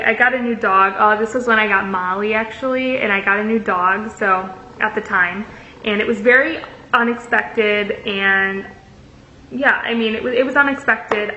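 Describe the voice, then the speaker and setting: A woman's voice: medium pitch, sharp tone. A young woman in a casual storytelling vlog, reading out messages with sarcastic asides. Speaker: vlogger. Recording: echoey room, dull lo-fi sound, faint hiss.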